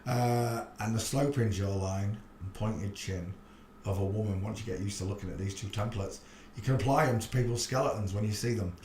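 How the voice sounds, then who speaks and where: Male host, low voice, rambling crude livestream chatter, echoey room. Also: a little fast, a little mellow. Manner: rambling, thinking aloud, crude jokes. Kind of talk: casual livestream commentary. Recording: echoey room, faint background noise.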